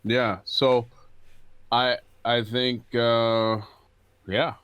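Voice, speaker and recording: A man co-hosting a casual podcast over a video call, talking in a laid-back, measured way. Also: medium pitch, level tone, clean tone, no room sound, dull audio. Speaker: podcast co-host.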